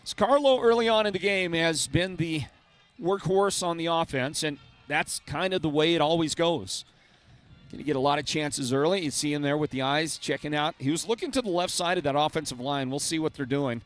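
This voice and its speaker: A man calling live high school football play by play with brisk, energetic delivery. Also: faint music behind. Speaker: play-by-play announcer.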